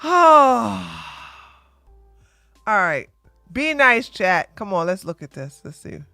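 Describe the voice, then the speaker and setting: A woman's voice: mid-range voice, very animated, slow pace, creaky, pushed and bright, dry recording, faint music behind. A woman hosting a live-stream reaction podcast, taunting and laughing gleefully. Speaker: podcast host.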